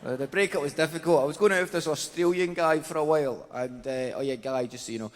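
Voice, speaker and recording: A man's voice: on the high side, fast. A Glaswegian man doing a chatty, self-mocking stand-up set on a large theatre stage. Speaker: stand-up comedian. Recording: theatre with long reverb, faint noise.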